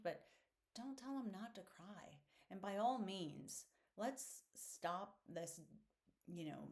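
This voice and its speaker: A woman's voice: fairly low pitch, a little mellow. A woman hosting a podcast, talking through a reflective solo monologue in an earnest, candid way with plenty of fillers. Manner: unhurried, thoughtful, many fillers. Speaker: podcast host.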